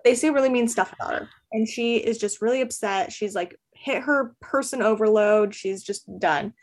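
A woman's voice: on the high side, normal speed. A woman recapping a romance novel in casual podcast chat, chatty and full of "like" fillers, laughing often. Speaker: podcast guest.

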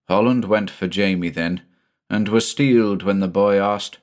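Deep-voiced, somber male narrator. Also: steady tone, measured pace. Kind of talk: audiobook narration.

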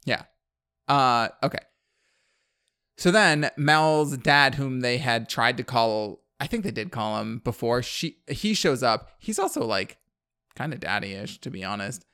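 A man hosts a podcast in a loose, chatty way. He rambles through a story, filling gaps with "like" and chuckling as he goes. His voice sits at an ordinary middle pitch. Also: lively intonation, unhurried, sharp tone, clear, resonant tone. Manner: rambling, heavy use of "like", laughs at his own recap. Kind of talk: casual chat recapping a movie.

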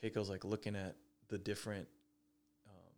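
A man's voice: on the low side, level tone, normal speed, darkish tone. A young man hosting a podcast in casual chat, laid-back and laughing, with lots of fillers. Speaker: podcast host.

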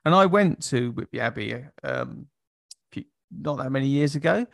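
A man's voice: medium pitch, wildly swooping pitch, normal speed, vocal fry, fairly bright tone, no room sound, clean studio sound. A man co-hosting a podcast, chatting casually about a film, often repeating words and laughing. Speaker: podcast co-host. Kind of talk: casual film review chat.

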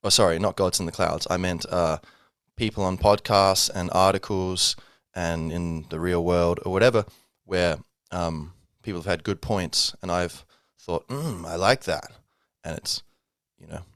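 Low-voiced man rambling through a podcast. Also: steady tone, moderate pace, few pauses, fairly bright tone, smooth, no room sound, clean studio sound. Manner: rambling, many fillers and self-corrections, breaks into playful quoted voices. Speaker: podcast host. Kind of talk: casual solo podcast monologue.

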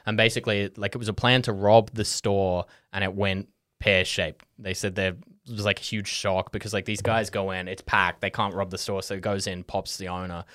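A man's voice: sits low, little pitch movement, normal speed, few pauses, a bit bright, no room sound, studio quality. A young Australian man telling a story in casual chat, full of fillers like "like" and "um" and frequent restarts. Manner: rambling, many fillers and restarts. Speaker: podcast co-host.

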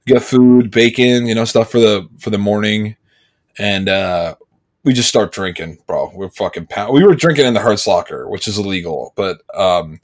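A man's voice: lowish voice, moderate pace. A man co-hosting a casual podcast chat, telling rambling stories and acting out what others said. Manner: rambling storyteller, animated when quoting others. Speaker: podcast co-host.

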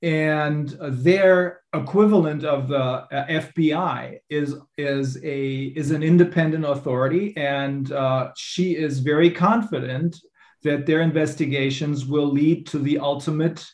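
A man with a German accent, a lawyer being interviewed, who talks haltingly with many fillers and restarts. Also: a little high, a little mellow, echoey room. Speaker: attorney, interview guest. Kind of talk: interview answers.

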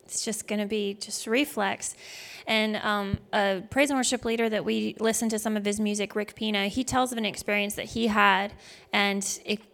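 A woman's voice: medium pitch, steady tone, moderate pace, gravelly, a bit bright. Woman telling a heartfelt worship story. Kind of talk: devotional teaching talk.

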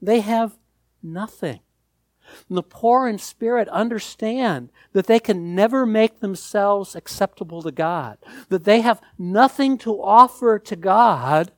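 A man preaching a sermon, slow and deliberate, leaning hard on key words. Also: high voice, no echo, studio quality.

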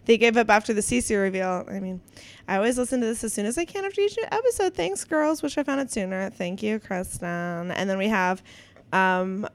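A woman's voice: mid-range voice, fairly quick. A young adult woman co-hosting a podcast at a house party, bubbly and laughing often, reading listener reviews. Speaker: podcast co-host. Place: home party, people gathered.

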